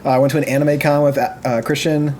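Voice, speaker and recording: Laid-back podcast co-host, faint noise. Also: medium pitch. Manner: relaxed, chimes in with quick agreement. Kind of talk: casual chat.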